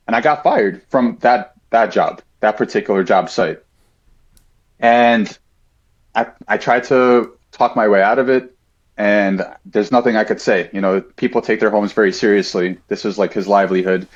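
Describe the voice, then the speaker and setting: Low-voiced man telling a story, dull lo-fi sound. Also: moderate pace. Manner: reflective, frequent "like" fillers. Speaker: podcast guest. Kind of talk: casual storytelling.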